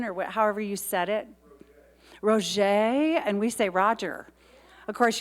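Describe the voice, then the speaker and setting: A woman giving the announcements in a church service, talking in a chatty, rambling way. She is openly grateful and gets emotional as she speaks to the congregation. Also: medium pitch. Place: church sanctuary.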